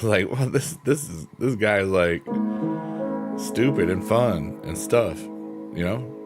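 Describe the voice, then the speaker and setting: A man streaming and rambling cheerfully in casual chat while he plays the piano behind his talk. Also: deep voice. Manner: rambling, upbeat, playful swearing. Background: piano music.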